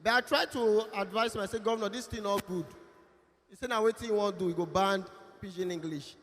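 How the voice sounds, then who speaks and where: A man's voice: high voice, fairly quick. Nigerian male emcee in a big echoing hall. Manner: lively, joking, loud announcing. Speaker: master of ceremonies. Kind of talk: event emceeing with comic pidgin banter. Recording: long hall reverb.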